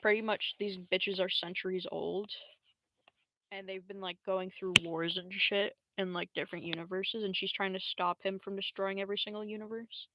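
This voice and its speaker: A woman's voice: medium pitch, fairly even intonation, moderate pace, fairly bright tone. Rambling, slangy young woman streamer. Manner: rambling, slangy, many fillers like bruh and um. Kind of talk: casual live-stream storytelling.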